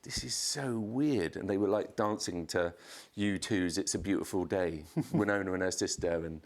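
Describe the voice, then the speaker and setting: A man, a podcast guest, telling a chaotic anecdote in casual chat, swearing and jumping up in pitch to act out quotes. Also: moderate pace. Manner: animated storyteller, swears, acts out quotes in a raised voice.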